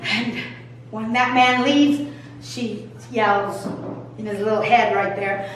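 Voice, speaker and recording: A woman pastor retelling a Bible story in a lively, jokey, colloquial way, recorded from far off in a church. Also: mid-range voice, slow pace, slight background noise. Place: church sanctuary. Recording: echoey hall, mic far off.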